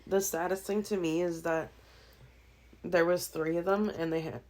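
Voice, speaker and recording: A woman co-hosting a podcast, chatting casually and answering in a flat, matter-of-fact way. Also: fairly low pitch, moderate pace. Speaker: podcast co-host. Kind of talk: casual chat.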